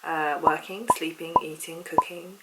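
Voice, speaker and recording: A young woman talking casually as a vlogger, soft-spoken and chatty, rambling a little. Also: low voice, steady tone, a little slow, heavy background noise. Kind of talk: casual vlog chat.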